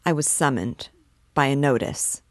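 A woman's voice: extremely low pitch, a little slow, dry recording. A woman reading aloud the lines of a poor, feverish young male student who answers back defiantly.

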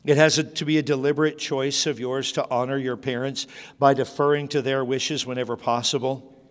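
With a medium-pitched, flat delivery that runs a little fast, a middle-aged pastor gives a sermon full of stories he repeatedly restarts. The room adds long hall reverb.

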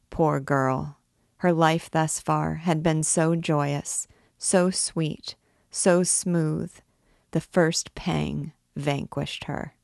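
A woman reading a classic novel aloud as guide, in a slow, deliberate narrating manner. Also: deep voice, vocal fry, a little mellow, no echo, clean studio sound. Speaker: book reader and guide. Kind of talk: audiobook reading.

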